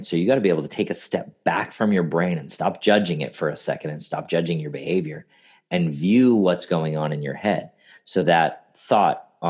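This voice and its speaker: A man in casual podcast conversation who tells animated anecdotes and gives advice to clients. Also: deep voice.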